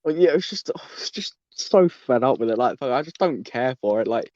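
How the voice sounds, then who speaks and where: A man's voice: medium pitch, animated, brisk, darkish tone, dry recording, highs cut off. A man hosting a casual podcast, rambling and swearing with many stumbling restarts. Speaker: podcast host.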